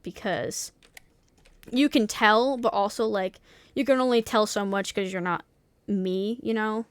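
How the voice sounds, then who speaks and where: Young woman streamer just venting, swears a lot, keeps restarting, clean smooth voice, dead dry sound. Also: mid-range voice, a little slow, no echo. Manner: candid and profane, with many restarts and fillers. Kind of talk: casual chat while streaming a game.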